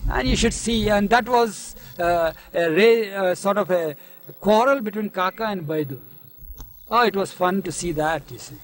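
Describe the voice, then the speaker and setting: A man with a high voice recalls old stories in an archival interview from 1971. He talks at a leisurely pace and keeps adding "you see" as he goes. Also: moderate pace, poor audio. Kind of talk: anecdotal storytelling interview.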